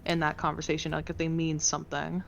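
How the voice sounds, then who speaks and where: A woman playing a tabletop game, asking eager questions with quick restarts. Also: low-pitched, monotone, gravelly. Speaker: player. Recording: dull lo-fi mic.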